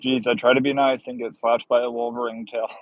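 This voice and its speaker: A man's voice: medium pitch, level tone, fairly quick, dull audio. A man livestreaming while driving deliveries, chatting casually and making joking, rambling asides from his car. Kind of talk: casual live-stream chat.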